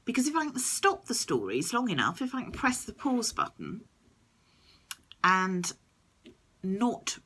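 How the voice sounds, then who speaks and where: Slow, lively-voiced woman vlogger. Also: medium pitch, breathy edge. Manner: thoughtful, explanatory. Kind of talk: reflective talk to camera.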